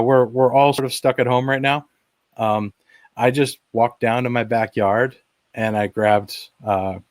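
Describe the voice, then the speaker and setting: A man with a fairly low voice talks through his own demo video during a webinar. He explains eagerly and casually, with plenty of "uh" and restarts. The sound is dry and close, with no room echo. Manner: enthusiastic, explanatory, frequent fillers and restarts. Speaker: webinar presenter. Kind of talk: casual live demo commentary. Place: at home.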